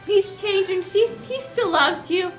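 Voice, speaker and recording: A woman's voice: extremely high pitch, unhurried, soft background music. A woman voicing a meddling, gossipy middle-aged aunt who talks eagerly.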